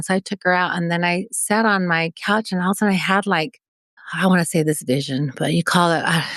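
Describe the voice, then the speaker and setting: This woman in her forties, from Mexico, is a podcast guest recounting an emotional personal story, vividly acting out the dialogue she remembers. Her voice is lowish and a bit bright, captured in a dry recording.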